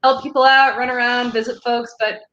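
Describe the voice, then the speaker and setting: A woman's voice: fairly high pitch, flat delivery, brisk, a bit bright, dull audio, slight background noise. A woman co-hosting a casual chat show, talking loosely with many restarts and laughs. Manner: chatty, laughing, lots of fillers and restarts. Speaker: podcast co-host. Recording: echoey room.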